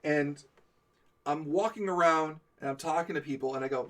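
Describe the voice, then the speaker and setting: A man co-hosting a stream, telling stories in a casual chat, animated, often laughing and acting out what people said. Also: a little high, normal speed. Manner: animated storyteller, laughs often, acts out quotes. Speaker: stream co-host.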